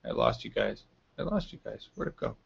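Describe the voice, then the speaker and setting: A man's voice: lowish voice, wildly swooping pitch, fairly quick, creaky, husky. Chatty man hosting a lo-fi livestream. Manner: chatty, laughs often, reads chat aloud. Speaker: livestream host. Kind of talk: casual live-stream commentary. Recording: dull lo-fi stream audio.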